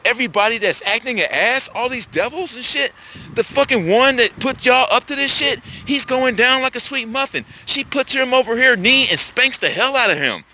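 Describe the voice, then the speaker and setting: A man's voice: extremely high pitch, lively intonation, normal speed, pushed and bright, a little hiss or hum. A man delivering a profane, agitated, combative ranting monologue as host of his own channel.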